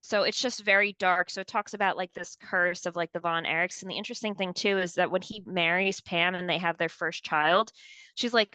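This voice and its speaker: A woman's voice: fairly low pitch, fairly quick, clear, resonant tone, no echo. A woman co-hosting a pop culture podcast, chatting casually and acting out the people she quotes. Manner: animated, acts out quoted voices. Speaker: podcast co-host.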